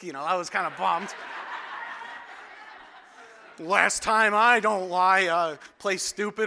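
A man preaching a conversational sermon, acting out little quotes and dropping to soft, intense tones for emphasis. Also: high voice, moderate pace. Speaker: pastor.

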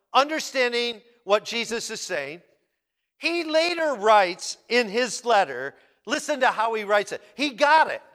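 A man preaching a sermon, speaking slowly and with emphasis and repeating key words as he explains a passage. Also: very high-pitched, pushed and bright, big-room sound. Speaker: pastor.

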